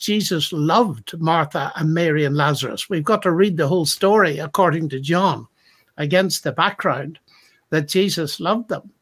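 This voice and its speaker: A man's voice: sits high, fairly bright tone, breathy edge. A man speaking as a Christian apologist in a thoughtful discussion, reflective and retelling stories with acted-out quotes.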